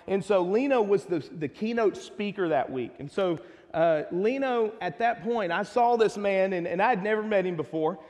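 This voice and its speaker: High-voiced Texan pastor, joking, in a hall. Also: male voice, animated, normal speed, darkish tone. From Texas. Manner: conversational and joking, with asides to the congregation. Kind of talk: casual sermon. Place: church sanctuary. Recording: long hall reverb.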